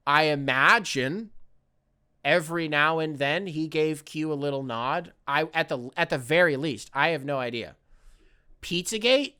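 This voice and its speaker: A man hosting a podcast, rambling in casual solo commentary with lots of swearing and excitable outbursts. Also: fairly high pitch, measured pace, smooth. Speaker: podcast host.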